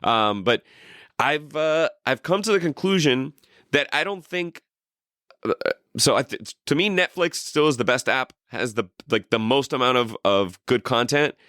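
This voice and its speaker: A man's voice: mid-range voice, expressive, unhurried, sharp tone, no room sound, studio quality. A man co-hosting a podcast, chatting casually in a rambling, profane way with lots of restarts. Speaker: podcast co-host. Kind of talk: casual chat.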